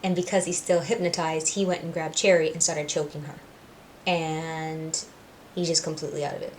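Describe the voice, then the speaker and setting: A woman hosting a reaction video, casually recapping a cartoon episode with lively retellings, acting out characters' lines and correcting herself as she goes. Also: low voice, normal speed, a little hiss or hum. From Puerto Rico. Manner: animated, acting out quotes in voices, self-correcting.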